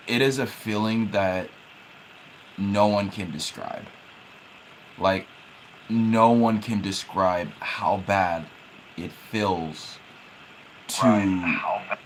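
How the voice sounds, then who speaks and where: A man's voice: on the low side, poor audio. Grieving young man on a hissy livestream. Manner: halting, grieving, repeats words and restarts. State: holding back tears. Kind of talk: emotional livestream talk.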